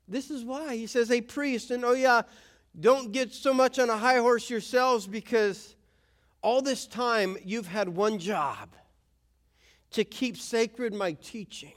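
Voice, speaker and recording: Pastor, male, high tenor register, chatty sermon delivery with acted-out quotes. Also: slow, fairly bright tone. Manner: conversational, acts out quoted voices.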